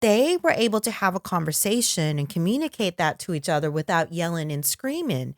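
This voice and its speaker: A woman's voice: fairly low pitch, very animated, a little fast, dry recording. Middle-aged female co-host, conversational, mimics voices in anecdotes, dry close mic. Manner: conversational, acts out quoted voices. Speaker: podcast co-host. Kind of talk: casual chat.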